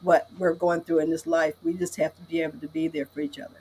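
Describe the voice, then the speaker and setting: A woman's voice: sits low, steady tone, fast talker, mellow, slight background noise, poor audio. A woman guest on a podcast telling a heartfelt story in casual chat, often repeating "I said".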